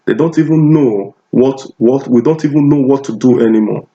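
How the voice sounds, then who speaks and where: A man's voice: medium pitch, moderate pace, mellow. Emphatic Nigerian man preaching, dull recording. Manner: emphatic, repetitive, many restarts. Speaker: pastor. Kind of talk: preaching sermon.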